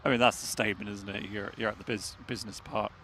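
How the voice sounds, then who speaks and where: A man's voice: on the low side, steady tone, fast, sharp tone, a little hiss or hum. A man co-hosting a live stream outdoors, bantering, joking and thanking viewers. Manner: jokey, banters and laughs. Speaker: livestream co-host. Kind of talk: casual live commentary. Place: outdoors by an airport runway.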